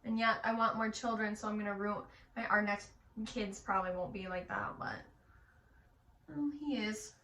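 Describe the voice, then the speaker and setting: A young woman with a Michigan accent telling stories about her son in a casual, animated way, swearing now and then. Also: mid-range voice, moderate pace, a little hiss or hum. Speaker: mom vlogger. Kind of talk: casual storytelling while getting ready. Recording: echoey room from a distance.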